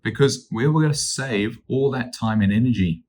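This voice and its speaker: A man, a real estate agent teaching cold calling in an upbeat, energetic way that acts out phone calls. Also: mid-range voice, moderate pace. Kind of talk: instructional talk.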